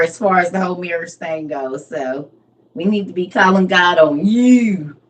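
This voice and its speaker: A middle-aged woman hosts a relaxed livestream, talking straight to her viewers. She laughs easily and answers comments by name. Her voice sits a little low. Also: unhurried. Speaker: livestream host. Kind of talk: casual livestream chat with viewers.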